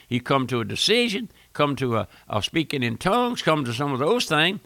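A man's voice: fairly high pitch, big pitch swings, normal speed, few pauses, pushed and bright, no echo. An older man preaching a fiery radio sermon, folksy and emphatic, repeating phrases and rising to bursts of force.

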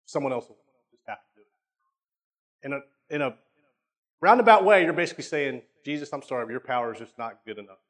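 A man preaching a sermon in a conversational way, often checking in with his listeners and repeating words, slowing down to stress points. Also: mid-range voice, fairly bright tone.

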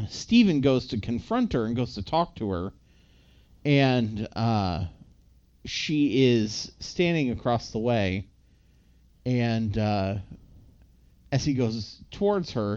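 In a slightly dull lo-fi recording, a podcast co-host chats casually while recapping a movie plot. His mid-range, darkish voice rambles along with plenty of filler words.

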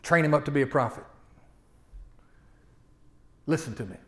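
A male pastor, preaching a folksy sermon that swings from loud to hushed and often repeats his opening words. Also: fairly high pitch, moderate pace. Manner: repeats words when starting sentences.

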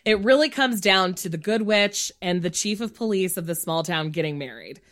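A woman's voice: on the low side, lively intonation, moderate pace, a bit bright. Woman podcasting about a movie, chatty, giggly, says like a lot. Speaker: podcast co-host. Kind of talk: casual movie recap chat.

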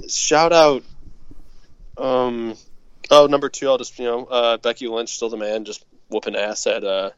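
A man's voice: medium pitch, fairly even intonation, a little slow, clear, resonant tone, no echo. Laid-back St. guy, muffled mic. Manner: loose and profane, lots of fillers. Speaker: podcast co-host. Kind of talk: casual chat.

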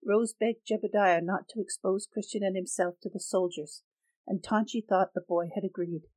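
A woman narrating a dark fantasy novel as an audiobook, in a steady, measured reading. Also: medium pitch, no room sound, low-quality recording.

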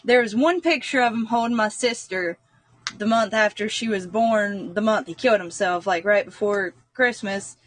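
A woman's voice: mid-range voice, normal speed. A woman, a guest earnestly recounting a personal story, rambling with frequent fillers. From North Carolina, US.

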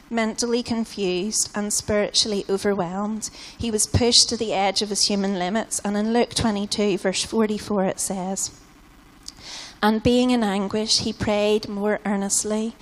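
A British woman gives a sermon in a relaxed, chatty manner, leaning on "like" and "you know" as she talks. Her voice sits at an ordinary pitch for a woman. It rings out with a long reverb in a big church hall. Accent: British English. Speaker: preacher.

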